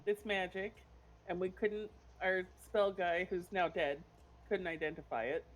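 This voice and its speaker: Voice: mid-range voice, steady tone, a little slow, low-quality recording. A player in a tabletop game who talks casually, with many fillers.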